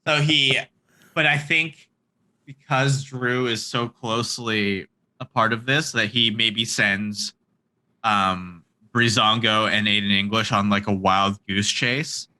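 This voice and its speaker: A man's voice: on the low side, fairly even intonation, slow, bright, forceful tone. A man co-hosting a casual chat, steering the talk with hesitant, filler-heavy phrasing. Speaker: podcast co-host.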